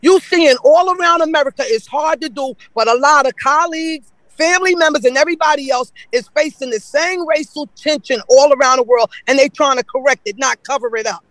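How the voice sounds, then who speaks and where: A man's voice: extremely high pitch, brisk, few pauses, a bit bright, no room sound, poor audio. A man giving an emotional, accusatory public comment at a city council meeting, repeating his points over and over.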